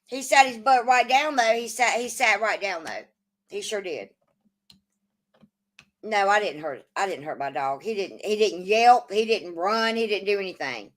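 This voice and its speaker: Her mid-range voice has lively intonation and moves at normal speed. This woman runs a casual livestream where she cusses a lot, fights with her chat, and responds to their comments with plenty of profanity and combativeness.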